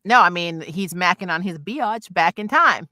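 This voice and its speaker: A woman with a bright, forceful voice talks casually about comics and films, animated and full of quick asides. The recording is dry and close. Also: on the low side, no room sound. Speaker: podcast co-host.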